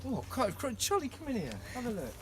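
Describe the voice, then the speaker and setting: A man's voice: extremely high pitch, huge pitch swings, a little fast, a little hiss or hum. A man giving a passionate, emotional walking tour of his plant nursery, talking to camera outdoors.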